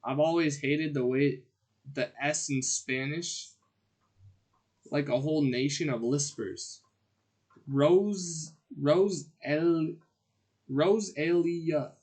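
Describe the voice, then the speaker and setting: A man streaming a game, chatting casually and rambling in a jokey way, with sudden loud outbursts as he answers his chat. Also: a little high, takes it slowly, long pauses. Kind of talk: casual gameplay commentary.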